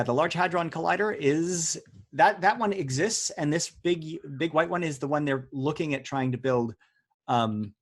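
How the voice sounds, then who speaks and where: A man hosting a live online word quiz over a video call, chatty and teasing as he jokes with the players. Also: on the high side. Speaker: quiz host. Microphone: video call audio.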